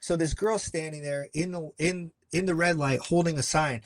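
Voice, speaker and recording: A man guest on a podcast, telling a story earnestly and acting out other people's lines with sudden jumps in pitch. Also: fairly even intonation, normal speed, no room sound. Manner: earnest, acts out quoted voices with big pitch jumps. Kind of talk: conversational storytelling.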